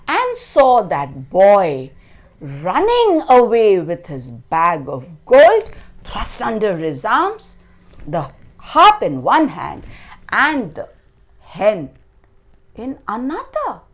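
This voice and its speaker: A woman narrates a children's fairy tale in a slow, deliberate style. Her pitch rises and falls widely, and she sometimes drops into hushed, breathy near-whispers to heighten the drama. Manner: expressive, slow, dramatic storybook reading with sound effects. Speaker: storyteller. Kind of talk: children's storytelling.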